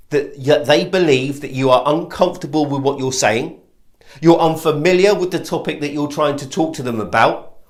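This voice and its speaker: A man giving an emphatic lesson on sales calls, stressing key words and demonstrating voice tones. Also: fairly high pitch. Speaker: sales trainer. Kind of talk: instructional talk to camera.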